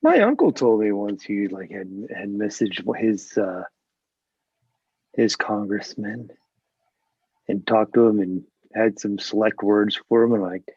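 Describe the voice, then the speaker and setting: A man's voice: on the low side, lively intonation, unhurried, darkish tone, breathy edge, dry recording. A man chatting casually on a video call, rambling with lots of fillers and laughs. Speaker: host. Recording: dull lo-fi video call audio.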